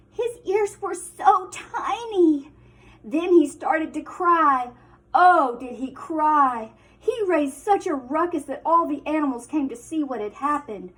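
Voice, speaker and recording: A woman teacher reading a picture book aloud to children, with expressive storytelling and hushed asides. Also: high-pitched.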